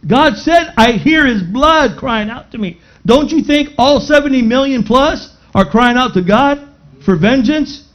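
Casting: male pastor preaching, high voice, dull lo-fi sound, dramatic swings. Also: expressive, unhurried. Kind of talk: sermon.

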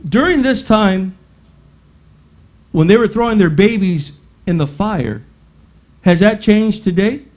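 A man preaching a sermon with dramatic swings, rising to shouts at times. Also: sits high, animated, slow pace, pauses often, dull audio. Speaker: pastor.

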